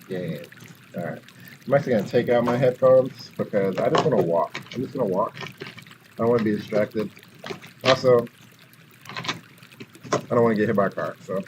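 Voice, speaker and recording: A man in his thirties, a language-learning vlogger chatting casually and breaking into excited whoops while drilling phrases outdoors. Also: fairly low pitch, normal speed, long pauses, background noise. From United States. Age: 30s. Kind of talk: casual study vlog. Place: outdoors, walking.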